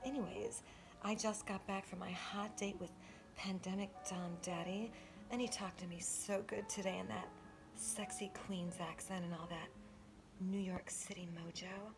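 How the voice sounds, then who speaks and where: A woman performing a comic monologue in a breathy, mock-seductive whisper, swearing often. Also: mid-range voice, fairly even intonation, normal speed, over music. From United States. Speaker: comedic performer.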